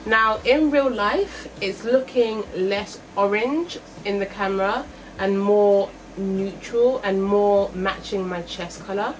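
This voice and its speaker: A woman's voice: medium pitch, slow pace, a little hiss or hum, rough recording. A young woman chatting through a makeup review vlog, thinking aloud and correcting herself as she goes. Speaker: beauty vlogger.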